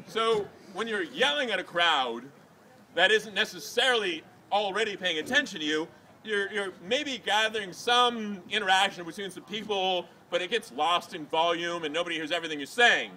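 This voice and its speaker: A man telling a rambling personal story to a live audience, acting out quotes and yelling. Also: high voice, a little fast, a little hiss or hum. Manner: rambling, animated, acts out quotes and yells.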